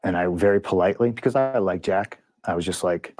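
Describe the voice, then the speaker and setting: Heated, profane low-voiced man. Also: fairly quick, hardly any pauses, darkish tone, no room sound. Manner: profane, heated retelling with lots of quoted dialogue. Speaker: interview guest, pro wrestler. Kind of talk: candid storytelling in a long-form interview.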